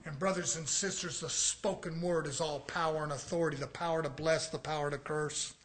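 A man preaching a sermon, swinging from quiet low passages to shouted exhortation and repeatedly addressing his brothers and sisters. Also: fairly even intonation, brisk.

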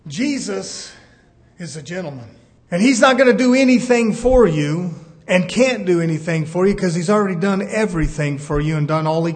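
Male preacher, high voice, fervent sermon delivery, hushed to shouting.

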